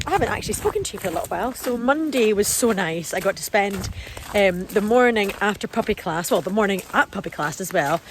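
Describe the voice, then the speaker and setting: Chatty woman vlogging outdoors. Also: low-quality recording. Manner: chatty and rambling, calling her dog in a high sing-song. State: out of breath. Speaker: lifestyle vlogger. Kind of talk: casual walk-and-talk vlog. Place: outdoors in a garden and field. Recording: outdoor recording with background noise.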